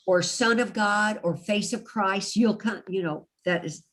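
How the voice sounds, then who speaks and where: A woman at a mid-range pitch leads an online group discussion over a video call. She talks in a chatty, encouraging way and laughs often as she guides the group. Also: unhurried. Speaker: study group leader.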